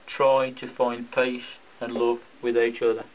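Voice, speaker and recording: A man working as a medium, leading a seance with gentle, coaxing questions to a spirit. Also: medium pitch, monotone, unhurried, low-quality recording.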